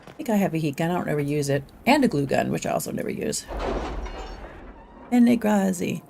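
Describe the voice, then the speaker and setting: A woman's voice: lowish voice, expressive, fairly quick, creaky, darkish tone, a little hiss or hum. A middle-aged woman chatting casually while streaming a game, laughing often and reading chat aloud. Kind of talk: casual gameplay livestream chat.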